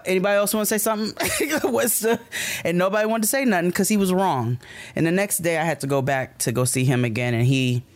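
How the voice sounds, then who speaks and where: Podcast co-host, American man with a slightly raised pitch, animated and profane, plays out every quote. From United States. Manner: animated, profane storytelling that acts out quoted dialogue. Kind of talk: casual podcast storytelling.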